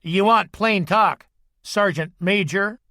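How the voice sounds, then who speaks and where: A man's voice: normal speed, a bit bright, no echo. A man reading a pushy, sarcastic male chief of staff in an audiobook, lifting his voice to needle. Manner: sarcastic, needling, raised pitch.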